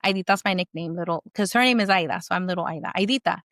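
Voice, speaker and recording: A woman's voice: lowish voice, racing, fairly bright tone, no echo, clean studio sound. A woman, a podcast guest from a Puerto Rican family, telling stories in casual conversation, mixing in Spanish phrases and many fillers.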